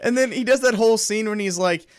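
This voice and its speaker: An excitable man co-hosting a movie podcast, his voice sitting a little high for a man. He chats casually, laughs often and jumps into acting out lines from the films. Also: fast, clear, resonant tone. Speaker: podcast co-host.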